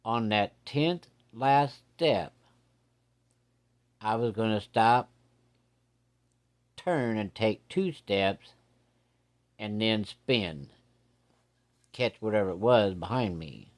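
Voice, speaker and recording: Man, low voice, folksy storyteller, slow suspenseful ghost tale. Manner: plain-spoken, drawling, folksy rural grammar. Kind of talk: casual first-person ghost story.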